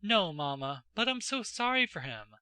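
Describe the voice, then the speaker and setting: A man voicing an excited, indignant teenage noble girl in a classic audiobook, pleading and breathless. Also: sits high, normal speed, clean tone, no echo, voice pushed up, heavily acted. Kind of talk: audiobook character voice.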